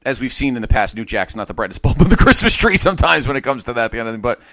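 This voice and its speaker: A man in his forties co-hosting a podcast in casual chat, animated and prone to trailing off and restarting. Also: medium pitch, racing, dry recording. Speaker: podcast co-host.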